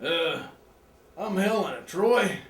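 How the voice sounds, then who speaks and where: A man putting on drawn-out, theatrical parody voices of male movie characters. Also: sits high, lively intonation, fairly bright tone, roomy sound, recorded from a distance, exaggerated voice. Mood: mocking.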